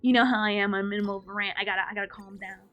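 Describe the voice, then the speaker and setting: A woman live streaming a game, chatting casually with her viewers in an animated, playfully ranting and mock-scolding way. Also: mid-range voice, racing, dull audio. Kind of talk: casual gaming stream chat.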